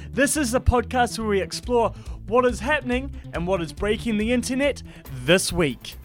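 A man's voice: very high voice, lively intonation, normal speed. A man hosting a casual commentary podcast, rambling with many fillers and swearing in indignant rants. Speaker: podcast host.

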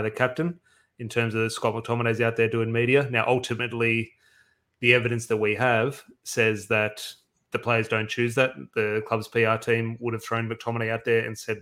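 A man's voice: mid-range voice, completely flat delivery, normal speed, a bit bright. A man co-hosting a casual football fan podcast, talking through his opinions at length with frequent restarts. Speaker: podcast co-host.

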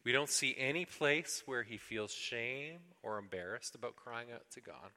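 A man's voice: mid-range voice, animated, moderate pace, bright, forceful tone, big-room sound. A man preaching a sermon earnestly, now and then acting out pleas to God in a raised voice. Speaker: pastor.

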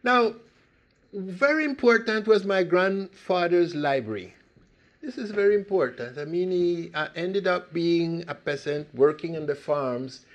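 An older man from Costa Rica telling his life story in an animated, emphatic way with frequent restarts. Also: on the high side, highs cut off. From Limón province, Costa Rica. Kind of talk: personal storytelling talk.

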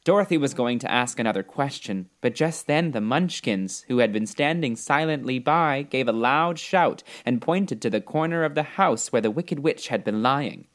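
Male narrator for a children's read-aloud, lively pitch, mid-range voice, expressive storytelling. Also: moderate pace, hardly any pauses. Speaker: storybook reader.

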